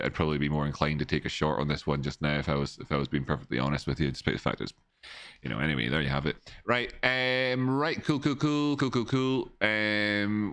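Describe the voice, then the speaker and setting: A man's voice: very deep voice, fairly bright tone, no room sound. A man, rambling through casual live-stream chart analysis from home, repeating words and chatting with viewers. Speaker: livestream market analyst.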